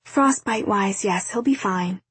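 A woman voicing a caring, gently firm mother in a novel reading. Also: medium pitch, a little slow, breathy edge, dry recording. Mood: gentle.

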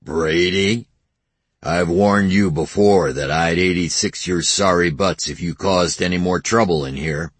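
Gruff old innkeeper in his seventies, as the narrator reads him, stern and husky. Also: sits low, measured pace, no room sound. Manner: gruff, warning. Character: burly hotel owner, man in early seventies, gruff.

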